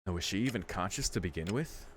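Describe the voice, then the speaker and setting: A deep-voiced, expressive man talks fast as he hosts a let's play, reading a visual novel's text aloud and pausing for casual reactions, with the occasional swear. Faint game music plays, and there's slight background noise.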